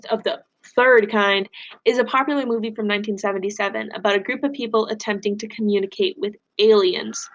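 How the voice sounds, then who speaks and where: A woman teacher reads a novel aloud to her students and then walks them through a question on the passage. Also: a little high. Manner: plain, steady reading with instructions to students. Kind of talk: reading a novel aloud and giving a recorded lesson.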